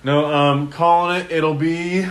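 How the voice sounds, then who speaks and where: A man's voice: on the high side, little pitch movement, measured pace. A young man co-hosting a casual podcast, joking around and steering the wrap-up. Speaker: podcast co-host. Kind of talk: casual chat.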